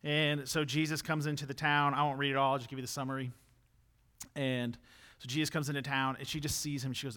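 A man's voice: mid-range voice, little pitch movement, fairly quick, pushed and bright. A young man preaching a sermon in a conversational way, rising to emphatic peaks when he drives a point home.

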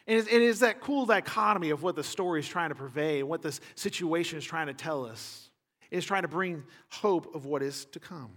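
A man preaching a conversational sermon, acting out the people in the story and building to loud, emphatic peaks. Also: fairly high pitch, brisk. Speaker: pastor. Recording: long hall reverb.

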